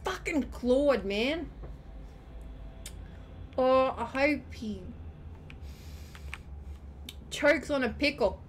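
A woman's voice: high-pitched, animated, drawn-out words, pauses often, a little hiss or hum. A woman streaming gameplay, ranting and swearing at the game as she plays. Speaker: gamer streamer. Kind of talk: gameplay commentary.

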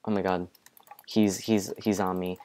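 A young man giving casual let's-play commentary from his bedroom, excitable, with panicky outbursts and repeated exclamations. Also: low-pitched, unhurried. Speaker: gaming video creator. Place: home bedroom.

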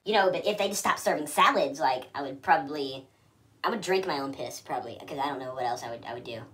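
A man's voice: a little high, fast talker, fairly bright tone, voice pushed down, lightly acted. A man voicing a self-righteous, deer-loving activist in a mocking, swearing comedy skit.

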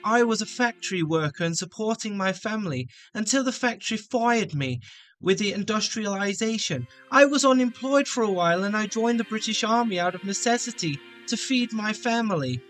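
A man's voice: sits high, expressive, normal speed, a bit bright, soft background music, voice pushed up. A man doing a pleading captive soldier. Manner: pleading, apologetic. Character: frightened captive soldier man begging for mercy.

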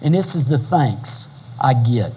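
A man's voice: medium pitch, animated, a little slow, mellow, a little hiss or hum, voice pushed down, close to an everyday voice, rough recording. A man preaching who voices an angry warrior leader rallying his men. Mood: furious. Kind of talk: sermon storytelling.

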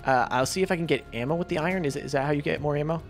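A man hosting a multiplayer game video, chatting casually and excitably with his friends. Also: on the high side, racing, faint music behind. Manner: excitable, chatty, frequent laughs. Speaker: gaming channel host. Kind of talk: casual gameplay chat.

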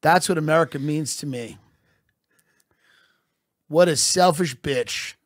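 A man hosting a podcast, delivering a deadpan mock-patriotic comedy monologue. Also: on the high side, slow pace, dry recording, studio quality. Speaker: podcast host.

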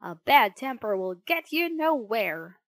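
A woman's voice: on the high side, big pitch swings, unhurried, fairly bright tone, no echo, heavily acted. Woman voicing a bossy talking cricket. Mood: preachy. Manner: lecturing, cheeky. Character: bossy preachy male cricket.

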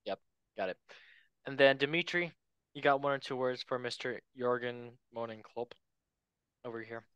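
A man's voice: mid-range voice, moderate pace, a bit bright, clean tone, no room sound, muffled recording. A man hosting a casual football podcast, chatty and loose, handing the word to his co-hosts. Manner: chatty, loose, many fillers and asides. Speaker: podcast host. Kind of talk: casual chat.

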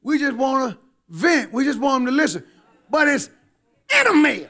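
A man's voice: very high-pitched, expressive, normal speed, bright, forceful tone. A man preaching a sermon in a church, emphatic and talking directly to the congregation.

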